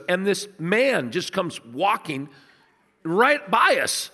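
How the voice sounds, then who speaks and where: A man preaching a sermon, telling stories in a conversational way and dropping low and soft to stress points. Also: sing-song, moderate pace, in a large hall. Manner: storytelling, conversational, dips low and soft for emphasis. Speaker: pastor.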